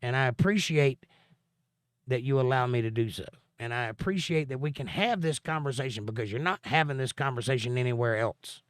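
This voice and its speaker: A man's voice: medium pitch, fairly quick, smooth, no room sound. Dry-humored man reading live chat. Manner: dry, joking and sarcastic. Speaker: livestream host. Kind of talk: casual livestream chat, reading viewer comments aloud.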